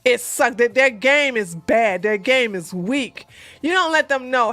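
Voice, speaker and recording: Blunt, bright high-voiced woman. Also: lively intonation, unhurried, no room sound, faint music behind. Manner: blunt, emphatic, repeats points; plain-spoken, slangy. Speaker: relationship advice vlogger. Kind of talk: casual advice talk to viewers.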